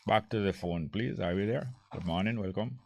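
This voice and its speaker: An older man with a Jamaican accent hosting a call-in radio show, reading out listener messages and answering them in an animated, argumentative way. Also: on the low side, normal speed, gravelly. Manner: reads listener messages aloud, argues back heatedly. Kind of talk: casual call-in radio talk.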